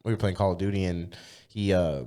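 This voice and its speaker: A young man co-hosting a podcast, telling stories in casual, slang-heavy chat with lots of swearing, and getting loud when he gets worked up. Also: low voice, steady tone, brisk. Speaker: podcast co-host.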